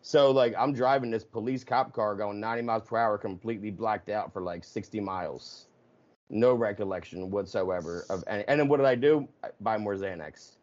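A man hosting a casual conversation, telling stories in an animated way with swearing and laughs. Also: lowish voice, brisk, highs cut off. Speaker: podcast host.

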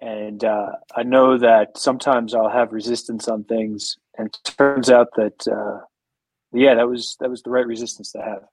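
A man appearing as a podcast guest, speaking softly and sounding moved. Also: mid-range voice, fairly even intonation, normal speed, breathy edge, no echo, poor audio. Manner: moved, soft-spoken. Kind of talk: casual podcast chat.

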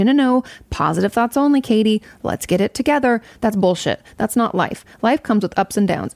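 A woman's voice: medium pitch, gravelly, darkish tone, no room sound. A young adult woman hosting a casual advice talk, candid and conversational, swearing freely as she answers audience questions from home.

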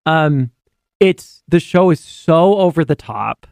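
Gravelly-voiced man chatting casually. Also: on the high side, slow pace, no room sound, studio quality. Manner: animated, chatty, many fillers and restarts. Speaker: podcast co-host. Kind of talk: casual chat.

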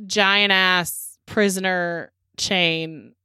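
Animated woman podcast host, dry sound. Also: fairly low pitch, very slow, clear, resonant tone, no room sound. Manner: animated, swears freely, acts out characters' lines. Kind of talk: casual chat recapping a movie.

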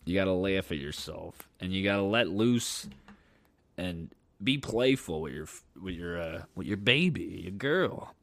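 Laid-back low-voiced man, frank and profane. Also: unhurried, creaky, dry recording. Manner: candid and profane, animated when retelling a scare. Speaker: podcast host. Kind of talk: casual storytelling monologue.

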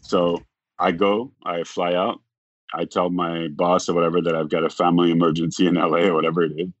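Man, deep voice, casual storyteller, acts out quotes, dry muffled recording. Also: little pitch movement, brisk, dry recording. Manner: rambling, acts out quoted dialogue, frequent "like". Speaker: podcast guest.

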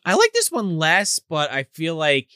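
A man with a bright, sharp-edged voice adds jokes and opinions in loose, profane podcast chat about a film. His talk is casual and quick to riff. The recording is dry and close. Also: fairly high pitch, huge pitch swings, smooth, no room sound. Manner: chatty, profane, jokey commentary. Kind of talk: casual movie discussion.

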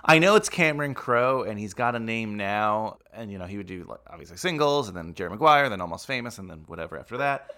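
Guy cohosting a film podcast, low-ish but bright punchy voice, laughs a lot. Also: quick pace, few pauses. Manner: laughs often, animated retellings. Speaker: podcast co-host. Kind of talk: casual movie discussion.

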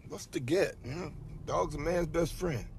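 A man's voice: on the high side, moderate pace, vocal fry, slight background noise. An actor playing a weary veteran spymaster, a blunt man who answers with dry, cutting comebacks. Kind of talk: TV series dialogue.

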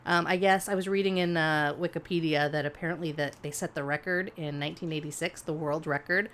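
A woman co-hosting a podcast, telling a story in relaxed, chatty talk that she often laughs through. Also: low voice, fairly quick. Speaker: podcast co-host. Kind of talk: casual chat.

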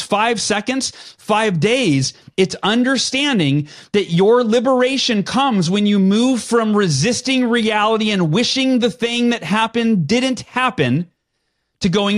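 A man with a high, light voice tells a story from his own past as a guest on a podcast. He talks with energy and acts out the things he said to himself, jumping between a calm telling and sudden animated bursts. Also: measured pace.

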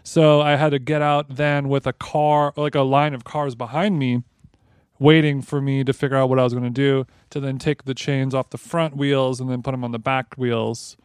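Smooth-voiced man telling a rambling story. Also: medium pitch, normal speed, no room sound, clean studio sound. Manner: rambling, animated, frequent restarts and laughs. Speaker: podcast co-host. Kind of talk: casual storytelling chat.

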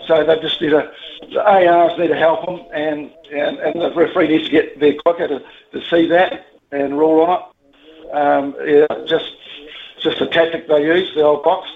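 A man with a New Zealand accent calling in to a radio show, talking bluntly and emotionally, rambling and swearing casually. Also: on the high side. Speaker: radio caller. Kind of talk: casual phone-in chat. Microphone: telephone. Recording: tinny phone line.

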